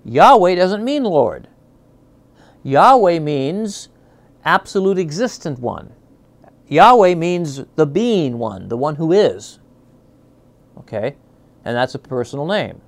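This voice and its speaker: A man's voice: fairly high pitch, no room sound. Man teaching a Bible class, dry sound. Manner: conversational, stops to check understanding with "okay?"; searches aloud for words, with fillers and restarts.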